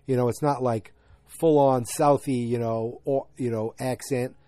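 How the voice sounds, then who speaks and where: A man's voice: mid-range voice, steady tone, unhurried, dark tone, no echo, soft background music. A man from north of Boston with a light Boston accent, casually recapping a TV episode and rambling with lots of fillers and asides. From north of Boston, USA.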